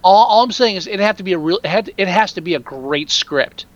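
A man chatting casually about movies, excitable and swearing freely. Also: sits high, a little fast, lo-fi sound.

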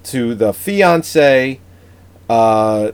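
A mid-pitched man with a lively, up-and-down delivery recaps a movie in casual chat. He laughs often, swears freely and reads bits from his notes. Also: drawn-out words, clean tone. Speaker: podcast co-host.

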